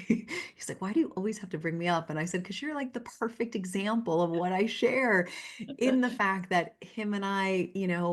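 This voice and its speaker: A woman speaking as a guest in a casual interview, telling personal stories in an earnest, heartfelt way. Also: fairly low pitch.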